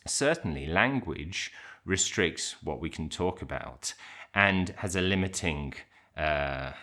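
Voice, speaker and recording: Hesitant deep-voiced man thinking aloud. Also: expressive, slow pace, sharp tone. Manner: hesitant, many fillers and restarts, thinking aloud. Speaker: English teacher and channel host. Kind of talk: casual reflective talk to camera.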